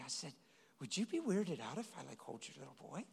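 A man's voice: high-pitched, brisk, creaky, breathy edge. A middle-aged man preaching a sermon to a congregation, telling stories and pleading with the listeners. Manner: storytelling, pleading and animated. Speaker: pastor. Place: church hall with a congregation. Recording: long hall reverb.

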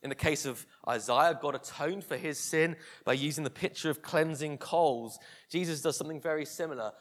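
Higher-voiced man preaching with vivid storytelling. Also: moderate pace. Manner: vivid storytelling, dropping to a hush for tender moments. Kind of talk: sermon.

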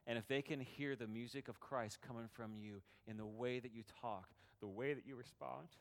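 Man, pastor, sermon, earnest, smooth resonant voice, repeats phrases, fervent prayer. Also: medium pitch, fairly even intonation, normal speed, big-room sound. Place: church sanctuary.

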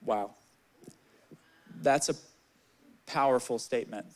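A young man preaching a sermon, candid and animated, telling personal stories and reading scripture. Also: slow pace. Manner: candid and animated, swelling louder in stories, dropping low on scripture.

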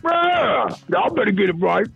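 A man doing a brash, high-pitched comedian impression. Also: unhurried, creaky, slightly rough, lo-fi sound, soft background music, full character voice. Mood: boisterous. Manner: high excited voice, repeats "yo" and "yeah".

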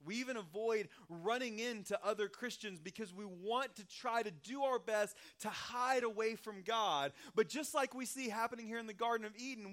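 A man's voice: high-pitched, fairly bright tone. A male pastor preaching a sermon in a conversational, humorous storytelling manner.

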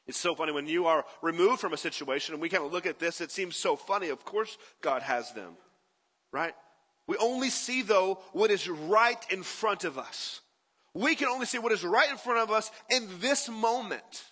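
A male pastor preaches in a high, bright voice. His sermon sounds casual and conversational, and he keeps checking in with his listeners. The sound rings out with a long reverb, as in a big hall. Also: animated, normal speed. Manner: conversational preaching, asks the room "right?".

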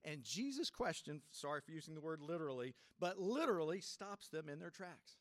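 Male pastor, slightly high voice, dry close sound; reflective sermon delivery, gentle laughs, swings between firm and hushed. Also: big pitch swings, dry recording. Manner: reflective, unhurried, with soft laughs and sudden shifts from loud to quiet.

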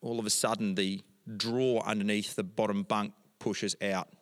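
A man's voice: on the low side, level tone, moderate pace, big-room sound. A middle-aged man, a pastor telling a family story in a sermon and moving into emphatic prayer.

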